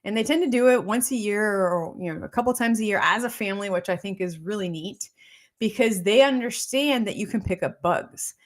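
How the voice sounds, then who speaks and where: A woman's voice: medium pitch, fairly quick. Chatty woman doctor explaining things. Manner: repetitive, keeps checking in with "okay?" and "right?". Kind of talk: casual health talk explaining a protocol.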